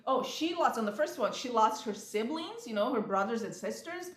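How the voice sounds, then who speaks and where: Female vlogger, casual rambling chat, a bit high-pitched, roomy echo. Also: moderate pace. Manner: chatty, rambling, animated retelling. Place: lives in San Diego.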